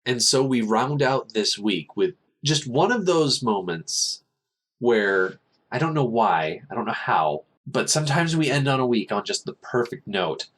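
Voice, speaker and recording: A young adult man hosting a casual film podcast, recapping scenes in an animated way and quoting lines. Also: mid-range voice, a little slow. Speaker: podcast host.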